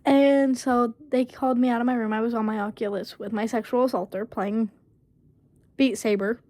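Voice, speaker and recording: A woman's voice: fairly high pitch, fairly even intonation, mellow, no room sound. A woman casually telling a personal story, leaning heavily on fillers like "basically" and "um". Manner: halting, full of fillers like "basically" and "um". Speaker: storyteller vlogger.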